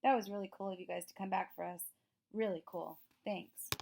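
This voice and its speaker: A woman reading a storybook aloud, voicing an excited young schoolboy who talks eagerly. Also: medium pitch, fairly quick, gravelly, a little hiss or hum, lightly acted.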